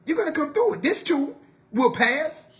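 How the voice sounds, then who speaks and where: A man leading an evening Bible study in a sermon style, asking the listeners rhetorical questions and swinging between loud urging and quiet asides. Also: extremely high pitch, big pitch swings, moderate pace.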